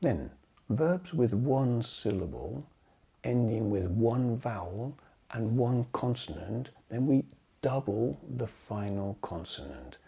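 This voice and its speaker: A man teaching grammar in a slow, deliberate way, often checking in with "okay?" and "yeah?". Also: mid-range voice, very animated, gravelly, warm tone, husky. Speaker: English teacher. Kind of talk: grammar lesson with acted example sentences. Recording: dull lo-fi sound.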